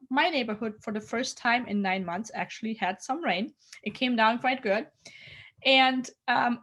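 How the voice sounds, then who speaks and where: A woman hosts a live online event in a casual, chatty way. Her voice sits a little high, and she talks upbeat and loose, with fillers like "um" and "so.". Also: fairly bright tone. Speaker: host. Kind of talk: casual livestream chat.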